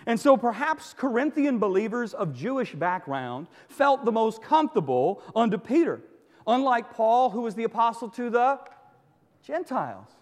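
A man preaching a sermon as a pastor, telling stories with animated joking asides. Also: extremely high pitch, moderate pace, in a large hall.

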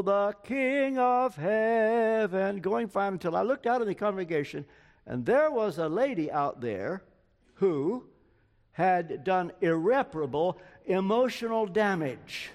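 Older male preacher, high-pitched, storytelling sermon, long hall reverb. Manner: storytelling, acts out quoted dialogue.

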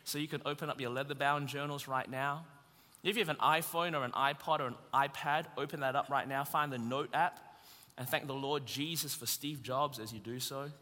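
A man preaching a sermon with humour, building up to shouted emphasis. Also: medium pitch, fairly even intonation, brisk. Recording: long reverb of a large hall.

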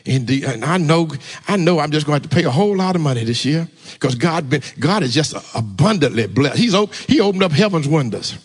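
A married man preaching a testimony sermon, telling a story and calling on the congregation to talk back, with sudden shouts. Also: a little high, lively intonation, a little fast, breathy edge. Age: adult, married. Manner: call-and-response, urging the congregation to answer.

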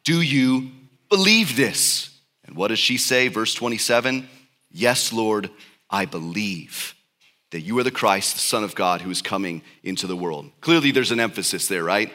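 Bright-voiced man preaching a sermon. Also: fairly low pitch. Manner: reads scripture aloud slowly, then explains in lively speech.

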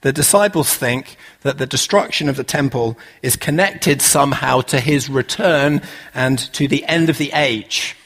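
A man preaching a relaxed, conversational sermon, full of "uh" fillers and rhetorical questions. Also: medium pitch, moderate pace, husky.

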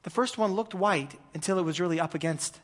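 A man, a pastor preaching a conversational sermon, swinging between loud emphasis and hushed moments. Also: high voice, fairly quick, in a large hall.

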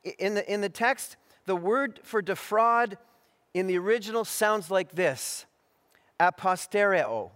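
Higher-voiced male preacher in a reverberant hall. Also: fairly bright tone, clear, resonant tone. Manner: measured, deliberate delivery with frequent restarts and fillers. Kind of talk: expository sermon.

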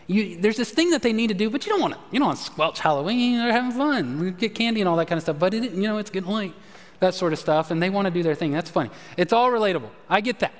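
A pastor preaching to his church in a high, light voice. He tells his story conversationally, then sinks low and quiet to drive points home. The sound rings with the long reverb of a large hall. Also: expressive, quick pace. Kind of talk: sermon. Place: church sanctuary.

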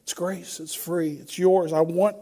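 A man's voice: high voice, little pitch movement, a little slow, warm tone. A middle-aged man preaching a sermon as pastor, conversational and emphatic, building to repeated refrains.

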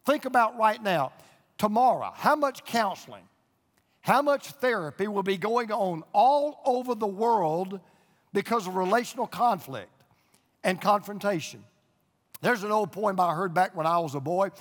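An older man delivers a sermon in a fairly high voice, telling homespun stories and hammering his points home with emphatic repetition. His voice rings out through a large church auditorium, trailing a long reverb. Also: lively intonation, moderate pace. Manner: folksy storytelling preacher, emphatic repetition. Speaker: pastor. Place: church auditorium with a live and online audience.

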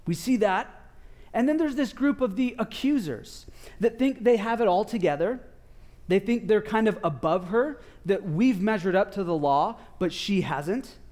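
A man's voice: sits high, normal speed. A man in his thirties, a father and pastor, preaching a conversational sermon and telling family stories with asides to the congregation. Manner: conversational, animated storytelling with asides to parents.

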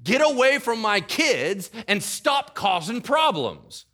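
A male pastor preaches a sermon with animation, acting out the voices of the people he quotes. His voice is high-pitched and his pace slow.

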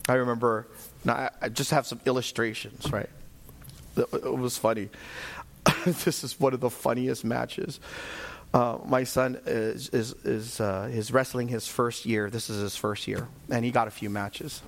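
A middle-aged man, a pastor, preaching a sermon and telling a story in an animated way, shouting now and then for emphasis. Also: mid-range voice, measured pace, gravelly.

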